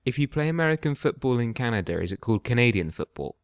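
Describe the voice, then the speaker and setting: A man's voice: medium pitch, very animated, fast talker, no room sound. A young British man co-hosting a podcast, dry and curious, asking playful questions. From Britain. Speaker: podcast co-host. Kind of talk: casual chat.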